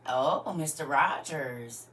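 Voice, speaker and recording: Woman livestream host, low voice, chatty and laughing, talks back to the chat. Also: slow, a bit bright. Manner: chatty, laughs often, answers viewer comments. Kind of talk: casual livestream chat with viewers.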